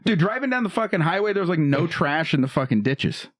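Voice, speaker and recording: A man's voice: on the high side, quick pace, no room sound, studio quality. A man from Eastern Iowa, a stand-up comedian guesting on a podcast, telling stories with heavy swearing. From Eastern Iowa, USA. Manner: animated storyteller, heavy swearing, acts out quotes. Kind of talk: casual chat, storytelling.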